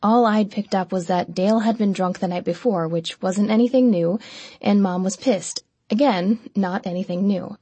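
A woman narrating an audiobook in the first person, with an even, measured reading and close miking. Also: mid-range voice, slightly rough, no echo.

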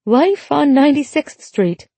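A woman voicing a brisk adult mother who questions her young daughter firmly and pointedly, read as part of an audiobook. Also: high voice, very animated, gravelly, warm tone, no room sound, voice pushed up, heavily acted.

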